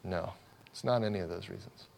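A man's voice: sits low, fairly quick, gravelly, darkish tone. A middle-aged man preaching a sermon as pastor, in a conversational way with frequent restarts and touches of sarcasm. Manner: conversational, self-correcting, lightly sarcastic.

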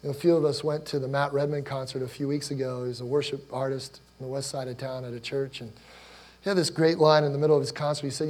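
This man, a forty-something pastor from Ohio, delivers a sermon as conversation, full of personal anecdotes and questions for the congregation, his emotion catching in his throat. His voice is mid-range, steady, fast and darkish.

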